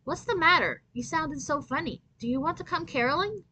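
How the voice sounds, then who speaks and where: An eager, chatty young girl from a storybook, pitched well up and quick with her questions, as a woman reading aloud puts her on. Her voice leaps high when she is excited. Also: poor audio.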